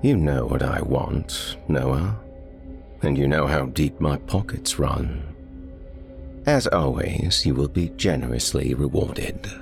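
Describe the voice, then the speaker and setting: A man voicing a calm, wealthy male patron who speaks slowly and deliberately. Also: a bass voice, creaky, faint music behind, heavily acted. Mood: assured.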